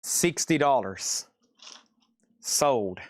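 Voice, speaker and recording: A man's voice: medium pitch, lively intonation, extremely slow, no room sound. A man hosting a live record sale stream, calling out lots and start prices, rambling and joking between auctions. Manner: rambling, joking, self-deprecating. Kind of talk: livestream auction chatter.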